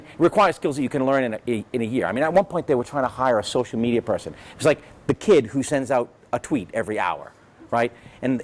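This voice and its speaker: A man speaking as a guest at a business event, telling stories in a sarcastic, rambling way with frequent profanity and tag questions. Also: medium pitch. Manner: sarcastic, rambling, profane, peppered with "right?" and "you know". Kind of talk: animated conversational storytelling.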